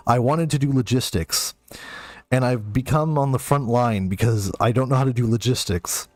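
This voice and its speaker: A man's voice: mid-range voice, normal speed, a little mellow, no echo. A man streaming a game live and reading chat, flustered, self-mocking and rambling.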